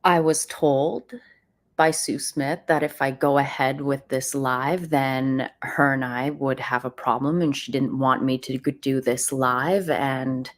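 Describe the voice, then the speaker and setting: A woman hosts a casual livestream, talking straight to her viewers and calling them friends. Her voice sits low. She takes her time, speaking in an unhurried way. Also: fairly even intonation. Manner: chatty, addresses viewers as friends. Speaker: host of a livestream channel. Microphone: computer mic on a live stream.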